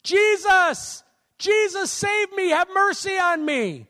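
A preacher acting out a desperate blind male beggar, crying out high and strained in a long reverberant hall. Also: animated, takes it slowly, bright, forceful tone, exaggerated voice. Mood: desperate pleading.

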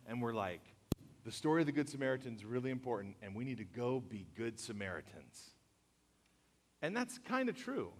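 A young man preaching a casual sermon to students, joking and laughing before turning earnest. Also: mid-range voice. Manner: jokey and animated, laughing at memes, then earnest. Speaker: youth pastor. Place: large hall or church auditorium. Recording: reverberant hall.

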